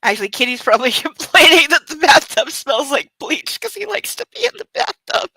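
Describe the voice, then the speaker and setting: A woman hosting a book club livestream, chatting casually and reading aloud, giggling and exclaiming in loud reactions. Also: high voice, sing-song, fairly quick, dry recording, low-quality recording.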